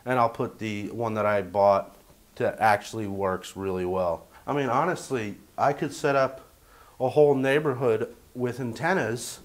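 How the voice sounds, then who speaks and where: A man's voice: medium pitch, a little slow. A man chatting casually to camera as a vlogger from his tiny house, rambling and jokey with lots of fillers.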